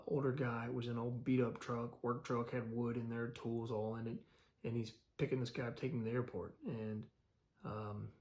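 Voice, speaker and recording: A man's voice: mid-range voice, a little mellow. A young adult man telling a story in a loose, rambling way, with many fillers and restarts, for a casual daily vlog. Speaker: vlogger.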